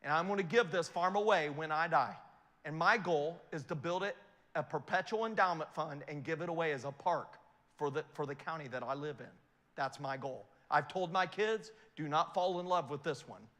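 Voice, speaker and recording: Middle-aged male speaker, animated storyteller, high ringing voice, keeps checking in with the crowd. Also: moderate pace, long reverb tail. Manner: animated storyteller, asks the audience questions. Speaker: investment speaker. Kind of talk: motivational talk to an audience.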